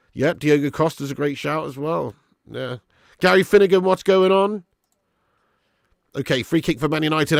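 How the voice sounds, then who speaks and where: A young man hosting a live football watch-along, chatting and thanking viewers by name, with sudden bursts of excitement when chances come. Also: fairly high pitch, gravelly, no room sound, studio quality.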